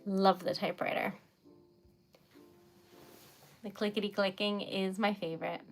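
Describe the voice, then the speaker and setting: A woman's voice: medium pitch, fairly even intonation, a little fast, vocal fry, faint music behind. Giggly, rambling woman livestream host. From New England. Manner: giggly, emotional, rambling with fillers. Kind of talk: casual chat with live viewers.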